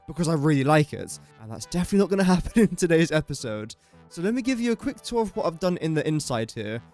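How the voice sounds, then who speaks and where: A man's voice: fairly high pitch, darkish tone. A young man from England with an English accent, giving chatty, self-deprecating gameplay commentary as he builds. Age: young adult. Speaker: gaming YouTuber.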